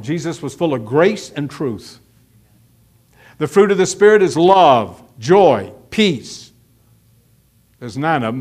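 Male pastor, middle-aged, higher voice, folksy emphatic pulpit delivery with acted asides. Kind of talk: sermon.

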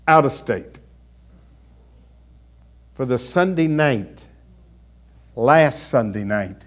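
Animated storytelling male pastor. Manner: animated, conversational storytelling with a wide swing of pitch. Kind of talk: sermon.

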